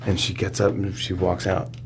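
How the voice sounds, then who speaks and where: The voice is low and gravelly, moving at a normal speed, with some slight background noise. It belongs to a talk show host in his forties who, as a studio interview guest, tells an excitable story, laughs often and acts out the quotes.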